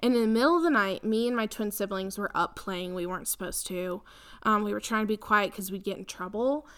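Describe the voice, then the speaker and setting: A woman's voice: mid-range voice, a little fast, a bit bright. A young woman, co-hosting a podcast in casual chat, rambling with lots of fillers and frequent laughter. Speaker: podcast co-host.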